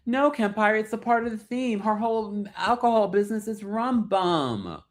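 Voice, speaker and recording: A man's voice: high voice, animated, moderate pace. A man hosting a reality TV recap, chatting playfully with sassy asides and reading out viewer super chats. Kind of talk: casual chat.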